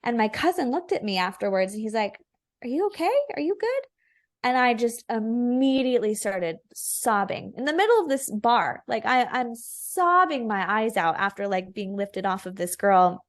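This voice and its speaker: A woman's voice: on the high side, expressive, normal speed, few pauses. A young woman speaking as an interview guest, telling her personal story earnestly and candidly, with lots of filler "likes".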